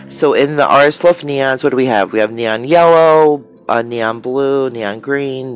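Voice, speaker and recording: A woman in her forties chatting casually and rambling a bit, with lots of fillers, as she shows her craft materials. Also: a bass voice. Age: 40s. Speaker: crafter vlogger. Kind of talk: casual chat while showing art materials.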